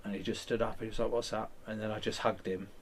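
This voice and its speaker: Man telling stories, low voice. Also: level tone, quick pace, a little hiss or hum. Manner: swears casually, acts out quoted exchanges. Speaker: interviewee. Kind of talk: candid interview storytelling.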